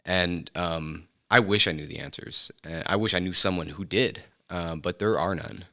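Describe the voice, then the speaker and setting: Middle-aged guy on a podcast, deep voice but bright, lots of ums and restarts. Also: moderate pace. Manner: reflective, hesitant with many fillers and restarts. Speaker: filmmaker guest. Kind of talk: casual interview chat. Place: podcast studio.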